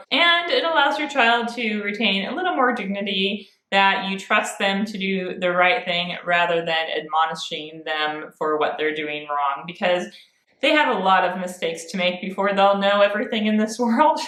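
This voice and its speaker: Gentle teacherly woman in an echoey room. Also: medium pitch, normal speed. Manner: gentle, clear and patient, with soft laughs. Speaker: Montessori teacher. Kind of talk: friendly instructional talk to parents.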